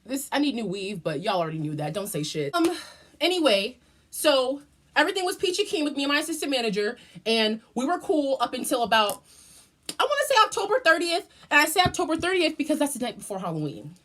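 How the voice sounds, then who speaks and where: Animated, swearing woman telling a story. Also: a little fast. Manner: animated, profane and dramatic, with big jumps in pitch. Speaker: vlogger. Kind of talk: casual storytime vlog.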